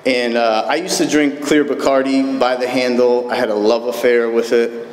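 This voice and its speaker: A man's voice: mid-range voice, fairly even intonation, normal speed. Candid man telling his story in an echoey hall. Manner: candid, self-deprecating, joking storyteller. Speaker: recovery meeting speaker. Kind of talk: personal recovery story told to a live group. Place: meeting hall. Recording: echoey hall recording with faint room noise.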